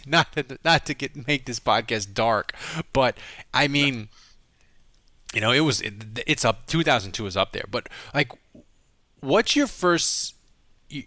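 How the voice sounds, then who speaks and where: A man hosting a sports podcast in casual chat, quick and jokey, building to emphatic points. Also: mid-range voice, bright, forceful tone, no echo. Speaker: podcast host.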